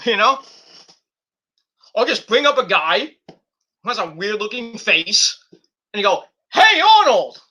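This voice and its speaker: A man's voice: high voice, expressive, slow, pauses often, bright, forceful tone. A middle-aged man hosting a livestream, ranting casually and profanely with sarcastic mock quotes. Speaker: streamer host.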